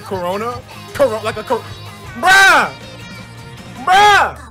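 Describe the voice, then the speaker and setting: A young man streaming a video game, excitedly yelling, laughing and talking to his chat over game music. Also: extremely high pitch, slow. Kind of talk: excitable let's-play commentary.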